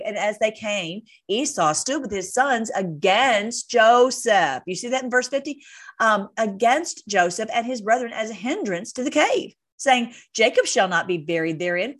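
Reading scripture aloud during a Bible study, a woman speaks at normal speed in a slightly high, somewhat bright voice with lively intonation. Fillers and self-corrections are frequent, and she drifts into chatty, exasperated asides.

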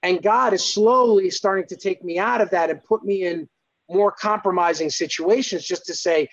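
A man sharing his faith testimony as a guest, in earnest, animated storytelling. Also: high voice, normal speed, highs cut off. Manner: earnest, lively, acts out exclamations.

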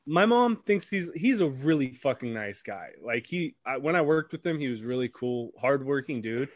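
A man's voice: mid-range voice, normal speed, no room sound. A young man, a podcast co-host, telling a casual story with lots of swearing and acted-out quotes. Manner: animated, swears freely, acts out quoted voices.

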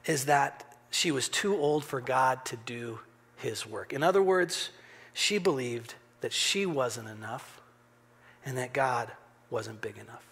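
A male pastor delivers a sermon in a gravelly, husky voice. He talks earnestly, pushing up into urgent emphasis and then sinking to a hushed near-whisper. His pitch sits in an ordinary middle range. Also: animated, slow pace. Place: church sanctuary.

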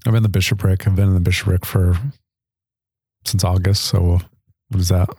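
A man's voice: low-pitched, flat delivery, fairly quick, warm tone, slightly rough, no echo, clean studio sound. A man, a podcast guest, telling personal stories in an earnest, chatty way with frequent laughs. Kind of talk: casual storytelling.

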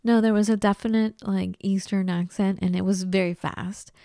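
A woman's voice: mid-range voice, fairly even intonation, moderate pace, vocal fry, warm tone, no room sound, clean studio sound. A woman from Los Angeles with a Los Angeles accent, telling stories in a rambling, casual chat full of likes and restarts. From Los Angeles, California. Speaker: podcast co-host.

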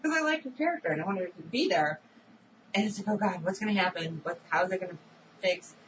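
A woman co-hosting a casual recap chat about a TV episode, animated and acting out characters' lines. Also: lowish voice, fast. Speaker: podcast co-host. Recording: distant mic with audible background noise.

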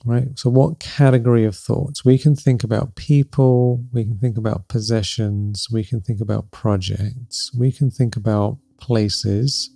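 A middle-aged man hosting a spiritual podcast, gently and reflectively coaching listeners, often checking in with "right?" and laughing softly. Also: medium pitch, fairly even intonation, a little slow, vocal fry, hardly any pauses, no echo, clean studio sound. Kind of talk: spiritual teaching talk.

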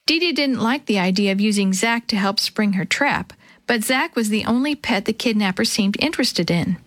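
A woman reading a children's chapter book aloud, telling the story gently and lightly voicing the characters. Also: medium pitch, lively intonation, normal speed, dry recording. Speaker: storybook reader.

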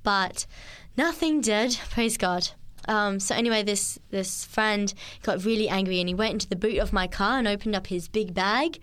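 A woman, speaking in an interview with an earnest, halting manner and many restarts. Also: medium pitch, fairly bright tone, smooth. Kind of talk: testimony interview.

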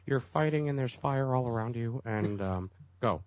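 A man's voice: medium pitch, normal speed, highs cut off, natural voice. A man doing a breezy old film director. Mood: breezy, dismissive. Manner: breezy, dismissive. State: has a cold. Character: older male film director, vague and unbothered.

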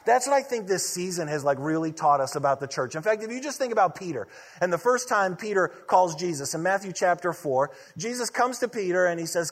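Guy pastor preaching casual storytelling sermon, kinda husky, big echoey hall. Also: high-pitched, big pitch swings, a little fast. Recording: long reverb of a large hall.

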